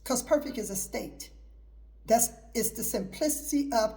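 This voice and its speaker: A woman's voice: on the high side, normal speed, mellow. A middle-aged woman hosting her own show, giving an emphatic, repetitive preaching talk mixed with personal testimony. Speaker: host.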